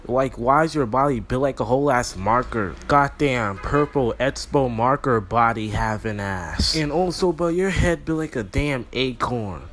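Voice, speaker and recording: A man's voice: medium pitch, lively intonation, moderate pace, hardly any pauses. A young man doing a profane, slangy comedic roast of a cartoon show. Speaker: roast commentator.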